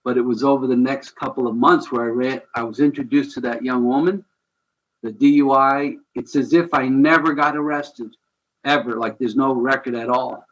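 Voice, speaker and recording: A man's voice: medium pitch, moderate pace, lo-fi sound. A man guest on a podcast, telling a personal story in an earnest, conversational way. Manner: earnest, conversational, animated retelling with chuckles. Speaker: guest, ministry founder.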